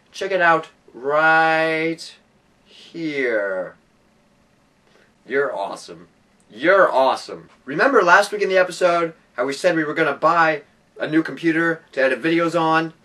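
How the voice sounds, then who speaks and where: A young man hosts a goofy comedy vlog, hamming it up and dropping into silly voices. His pitch swings all over and his tone is bright and forceful. He sounds set back from the microphone. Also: far from the mic. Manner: hammy, jumping between silly put-on voices. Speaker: vlog host.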